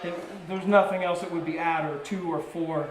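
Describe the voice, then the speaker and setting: A man giving a live poetry reading at a coffee shop and bar, speaking in measured, short phrases that sometimes build in intensity. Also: on the high side, fairly even intonation, noisy background. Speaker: poet reading his work. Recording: roomy live venue recording.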